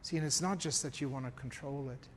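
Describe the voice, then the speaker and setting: A man preaching a sermon as pastor, emphatic, swinging from quiet to raised. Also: mid-range voice, fast talker, long reverb tail, a little hiss or hum. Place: church.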